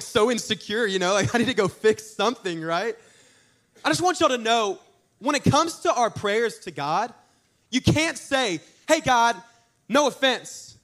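Lively young youth pastor preaching. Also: male voice, high voice. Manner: conversational, storytelling preacher with lively emphasis. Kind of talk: sermon.

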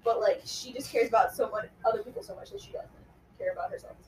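Giggly high-voiced young woman, rambling. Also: sing-song, quick pace, far from the mic, background noise. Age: young adult. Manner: giggly, rambling with many fillers. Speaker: group discussion leader. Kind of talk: casual group chat.

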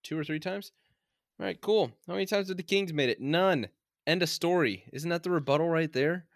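A man's voice: on the high side, brisk, no echo, studio quality. A man co-hosting a casual sports podcast, making earnest arguments about the games. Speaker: podcast co-host.

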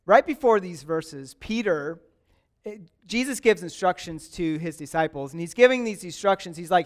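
Smooth-voiced man preaching casually. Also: a little high, animated, normal speed. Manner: chatty, with frequent restarts and "like", asks congregants questions by name. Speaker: pastor. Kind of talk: casual conversational sermon.

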